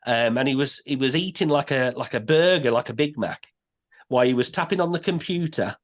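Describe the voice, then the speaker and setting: A man, a podcast guest telling a story in a casual, animated way. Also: medium pitch, a little fast. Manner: animated, many restarts and quoted voices.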